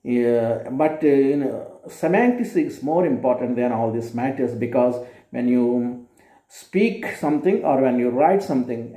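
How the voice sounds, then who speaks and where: Mellow-voiced male English teacher, echoey room. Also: medium pitch. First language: not English. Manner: earnest, unhurried, many "uh" fillers and self-corrections. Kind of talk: explanatory lesson on intonation.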